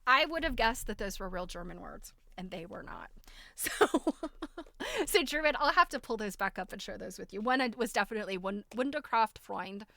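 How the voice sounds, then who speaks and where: Casting note: middle-aged woman host, bright tone, dry close sound, chatty and laughing. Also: medium pitch, animated, normal speed, creaky, no echo. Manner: chatty, laughs often, storytelling with quoted asides. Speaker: livestream host. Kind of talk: casual chat to a live audience.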